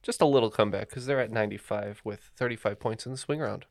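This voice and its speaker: A man's voice: lowish voice, fast, vocal fry, no room sound, studio quality. A man co-hosting a trivia podcast, joking and keeping score in casual chat.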